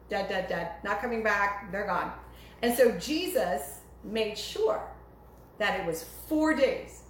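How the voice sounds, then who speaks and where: A woman with a high, slightly bright voice preaches a sermon emphatically, her voice rising sharply when she quotes cries to God. The recording is in an echoey room with faint noise.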